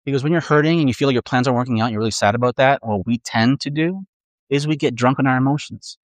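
Man, middle-aged pastor, sermon, animated, acts out voices, dry sound. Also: mid-range voice, quick pace, no echo.

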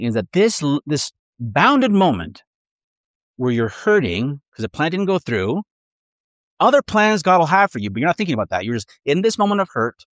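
A middle-aged man preaching a sermon in a conversational, animated way, acting out inner voices. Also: mid-range voice, no room sound. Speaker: pastor.

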